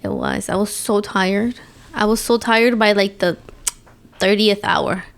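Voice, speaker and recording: A woman's voice: medium pitch, measured pace, creaky. A young woman guest on a podcast, casually telling a story in English mixed with Spanish words. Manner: mixes Spanish words into English, tells her birth story. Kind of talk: casual chat.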